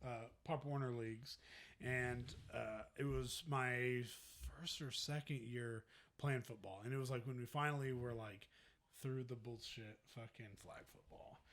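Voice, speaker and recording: A young man co-hosting a podcast, telling stories in relaxed casual chat, halting with many fillers. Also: medium pitch. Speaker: podcast co-host.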